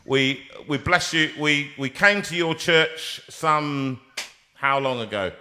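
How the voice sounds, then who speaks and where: A male host chats jovially on a live-streamed show. His voice has a bright, forward edge, and he rambles and breaks off mid-sentence. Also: on the high side, slow, slight background noise. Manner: jovial, rambling, self-interrupting.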